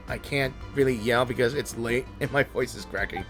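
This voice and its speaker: A man commenting quietly on a game he is playing, muttering self-deprecating asides into a home desk microphone late at night. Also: mid-range voice, moderate pace, few pauses, faint music behind. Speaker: gaming channel host. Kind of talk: casual gameplay commentary.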